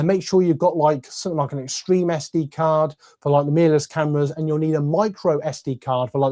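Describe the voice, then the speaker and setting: In his bedroom, a man gives a casual, enthusiastic camera review, chatty and full of fillers. His voice is a little high and mellow, and it's starting to tire from all the talking.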